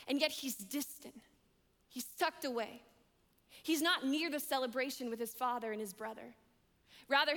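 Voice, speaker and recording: A woman preaching as a young adult director, emphatic, repeating her key lines and swinging between loud and hushed. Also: high-pitched, vocal fry. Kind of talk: sermon. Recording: long hall reverb.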